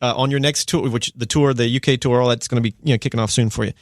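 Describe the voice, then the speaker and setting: A man hosting a radio interview, chatty and joking, with quick asides. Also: medium pitch, fairly even intonation, no echo, studio quality. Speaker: radio host. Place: radio studio.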